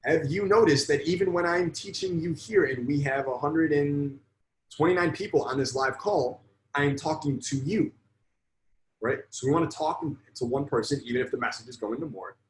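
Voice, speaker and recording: A man's voice: a little high, normal speed, echoey room, slight background noise, rough recording. A man coaching on sales in a live online lesson, blunt and emphatic, swearing freely.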